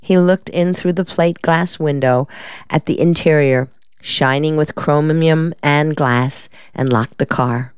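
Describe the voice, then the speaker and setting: A woman hosting a reading program, narrating an audiobook in a calm, measured way. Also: deep voice, smooth, no echo, clean studio sound. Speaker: program host and reader.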